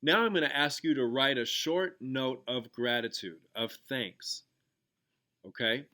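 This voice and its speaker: His mid-range voice is bright and forceful, and he's in no hurry. This man, a teacher and podcast host, chats loosely with lots of fillers and restarts while steering listeners through a gratitude exercise and telling a classroom story.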